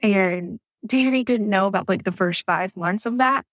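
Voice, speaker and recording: A woman's voice: mid-range voice, moderate pace, no echo. Woman nurse on a podcast, just chatting her story, lots of ums and likes, dry sound. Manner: chatty, with frequent fillers. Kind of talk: casual storytelling interview.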